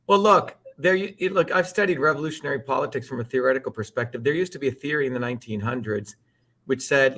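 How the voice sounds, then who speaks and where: A man's voice: mid-range voice, fast talker, a bit bright. A man guest in a heated political interview, ranting emphatically with profanity and repeated rhetorical questions.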